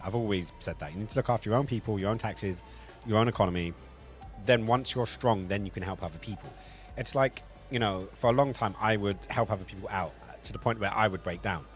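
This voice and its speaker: A man's voice: fairly low pitch, a little fast, soft background music. A man with a South London Cockney accent, chatting casually on a live stream, rambling, swearing freely and reacting to chat messages.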